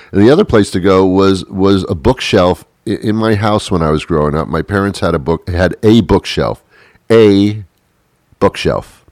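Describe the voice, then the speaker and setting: A man's voice: low-pitched, a little slow, pauses often, darkish tone, no room sound, clean studio sound. A man doing a rambling, sarcastic comedic monologue, putting on other people's voices as he tells it.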